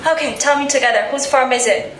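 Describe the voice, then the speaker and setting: English teacher lady, high voice, reads words out slow for the class to echo back, noisy room. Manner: slow, clearly enunciated prompting, drilling words for a class to repeat. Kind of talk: classroom teaching with repeat-after-me drills. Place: school classroom. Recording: echoey classroom from a distance, background noise.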